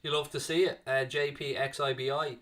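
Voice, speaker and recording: A young man hosts a live fan watchalong, giving chatty, excitable play-by-play and reading chat messages aloud between plays. His voice sits at medium pitch and runs a little fast.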